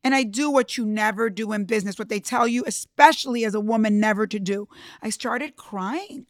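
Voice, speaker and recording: A woman's voice: fairly high pitch, brisk, no echo, studio quality. A woman entrepreneur telling her own story in an emphatic, emotional way, often speaking straight to the listener. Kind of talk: personal storytelling talk.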